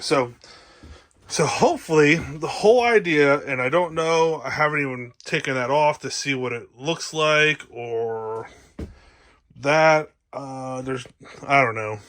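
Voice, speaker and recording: A man's voice: fairly high pitch, a bit bright. A man with a New Jersey accent, vlogging casually from inside a travel trailer and showing off gear in a rambling, upbeat way, with lots of fillers. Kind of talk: casual show-and-tell vlog.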